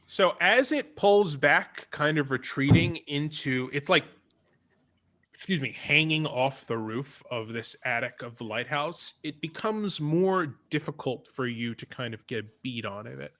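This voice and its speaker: Male game master, bright and forward voice, chatty, fills his talk with "uh" and "um". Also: a little high, lively intonation, measured pace. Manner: chatty, many fillers and restarts. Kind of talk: narrating a tabletop game.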